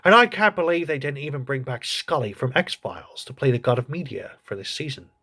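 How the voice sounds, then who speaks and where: A man voicing a crude, gossipy old male politician who reviews a TV show in a comedy sketch, with a husky voice. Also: medium pitch, lively intonation, brisk, bright, forceful tone. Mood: snarky.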